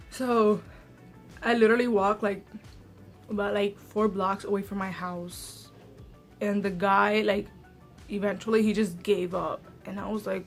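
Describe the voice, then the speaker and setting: A woman's voice: medium pitch, fairly even intonation, unhurried, long pauses, faint music behind. A young woman vlogger telling a story in casual, chatty talk, full of "like" fillers.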